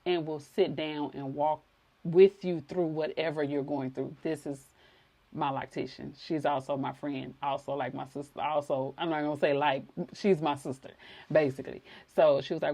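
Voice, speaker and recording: A woman's voice: low-pitched, gravelly, darkish tone. A woman hosting a podcast, telling a personal story in a conversational way and acting out quoted dialogue. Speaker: podcast host.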